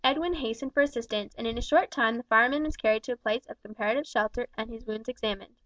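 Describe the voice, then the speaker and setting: A woman's voice: a little high, fast talker, a bit bright, no echo. Woman reading a novel aloud. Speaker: audiobook reader. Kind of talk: scripted narration. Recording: dull, dry recording.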